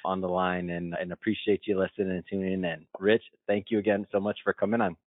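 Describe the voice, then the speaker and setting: A man's voice: low-pitched, flat delivery, fast talker, dry recording. A man hosting a podcast interview, joking and laughing often. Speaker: podcast host. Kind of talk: casual interview chat. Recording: dry phone-like sound.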